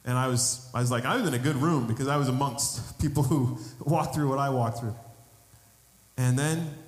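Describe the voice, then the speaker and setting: A man preaching a sermon, telling a personal testimony in an animated storytelling way and building to emphatic appeals. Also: medium pitch, moderate pace. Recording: echoey hall with long reverb.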